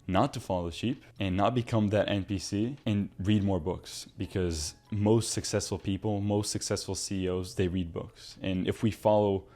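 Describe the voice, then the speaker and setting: A young man in his twenties talks straight to his viewers in an earnest, animated motivational monologue. His voice sits a little low, with a dark, mellow tone. He sounds like someone who wants his listeners to change their habits. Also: moderate pace, hardly any pauses. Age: 20s. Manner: mocks friends in put-on voices. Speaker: self-improvement video host.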